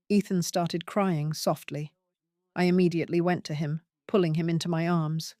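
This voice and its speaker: A woman narrating a first-person family drama in a measured, dramatic storytelling manner. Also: fairly low pitch, steady tone, a little mellow, no echo, clean studio sound.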